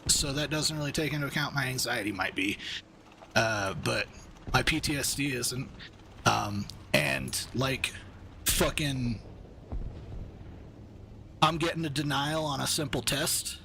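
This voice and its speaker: A man's voice: mid-range voice, bright, forceful tone, a little hiss or hum. A man, angry and steamed up, ranting profanely and rambling in casual chat while streaming a game. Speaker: gaming streamer.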